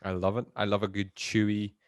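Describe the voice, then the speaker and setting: A young man co-hosting a podcast, chatting casually and getting animated. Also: on the low side, fairly quick, dry recording. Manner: animated, laughs, swears casually. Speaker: podcast co-host. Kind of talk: casual chat.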